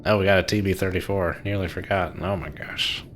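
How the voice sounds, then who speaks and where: A man's voice: sits low, steady tone, a little fast, faint music behind. A man giving casual, chatty commentary while playing a naval warfare game, laughing and talking to himself. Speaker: streamer.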